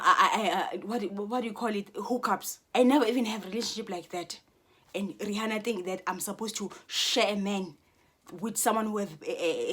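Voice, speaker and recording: A woman speaking to her viewers in a heated monologue, swearing often, repeating herself and restarting her sentences. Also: mid-range voice. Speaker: vlogger. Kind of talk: profane angry monologue to viewers.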